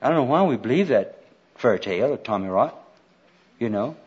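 An older man delivers a sermon in a lively, animated voice that swoops up and down. His tone is a little husky and folksy, quoting scripture with self-deprecating humor. The recording sounds dull and lo-fi. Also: mid-range voice, fairly quick. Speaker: preacher.

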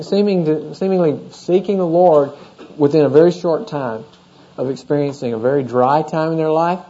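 A man's voice: fairly high pitch, dark tone. A male pastor teaching a sermon through scripture, talking casually and often checking in with the congregation with questions. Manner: conversational, asks the congregation questions. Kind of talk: expository sermon. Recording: dull lo-fi sermon recording.

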